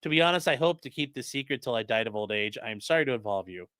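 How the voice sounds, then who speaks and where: A man putting on a hushed mock-French young man. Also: medium pitch, animated, quick pace, no room sound, pitched below the performer's own voice, lightly acted. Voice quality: put-on French accent. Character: young male shooter with a mock French accent, quiet and apologetic.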